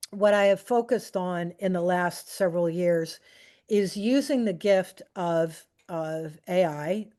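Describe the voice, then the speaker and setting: A woman's voice: fairly low pitch, a little mellow. A middle-aged woman speaking casually to a group, chatty and anecdotal. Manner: chatty and anecdotal, with fillers and restarts. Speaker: speaker on aging and technology.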